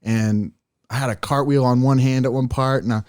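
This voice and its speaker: A young man co-hosting a podcast, telling stories in a casual, animated way and acting out quoted voices. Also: mid-range voice, normal speed, no echo, studio quality. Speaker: podcast co-host. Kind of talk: casual chat.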